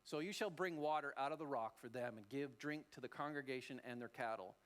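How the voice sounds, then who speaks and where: A man voicing God as a calm, patient male counselor, speaking in a measured, gentle way. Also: medium pitch, close to an everyday voice.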